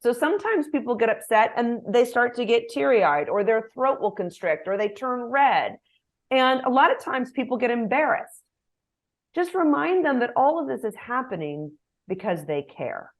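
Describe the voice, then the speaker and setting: A middle-aged woman coaching leaders in an interview, her voice sitting a little high. She talks in a lively way and slips into short acted example phrases to make her points. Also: normal speed. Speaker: guest, executive coach. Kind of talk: interview answers.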